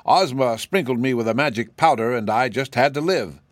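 A man's voice: mid-range voice, moderate pace, no echo, clean studio sound, voice pushed up, natural voice. A man voicing a living wooden sawhorse, earnest and simple, sometimes hesitant. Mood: meek. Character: wooden male sawhorse, proud yet meek.

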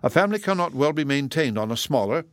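A man's voice: fairly high pitch, expressive, fast talker, no echo, studio quality, pitched above the performer's own voice. A man voicing an ardent, earnest young woman in an audiobook reading, speaking with impassioned emphasis.

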